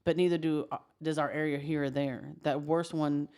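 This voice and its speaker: A woman's voice: low voice, steady tone, moderate pace, darkish tone. A middle-aged woman co-hosting a podcast, talking in a candid, reflective way. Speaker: podcast co-host. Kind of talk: casual chat.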